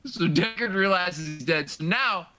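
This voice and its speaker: A man playing in a tabletop game session, with a bright, sharp-edged voice. He talks loosely and casually, and laughs often between his lines. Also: high-pitched, animated, measured pace, smooth. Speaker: player.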